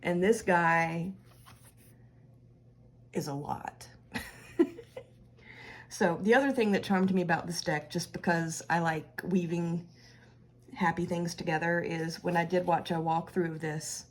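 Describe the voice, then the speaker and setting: A woman's voice: fairly low pitch, steady tone, takes it slowly, long pauses. A woman hosting her own tarot channel, chatting casually and laughing as she talks through a card reading.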